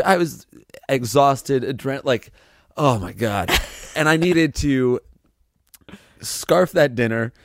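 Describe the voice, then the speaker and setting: A man co-hosting a podcast, telling a story in a rambling, animated way, swearing freely and restarting his sentences. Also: mid-range voice, no room sound, studio quality. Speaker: podcast co-host. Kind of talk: casual storytelling chat.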